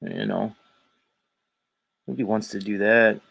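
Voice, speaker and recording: A man's voice: on the low side, steady tone, measured pace, vocal fry, a bit bright, breathy edge, rough recording. A man with a Philadelphia accent who hosts a show, giving sardonic, musing livestream commentary that wanders off on tangents. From Philadelphia area, US. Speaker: show host.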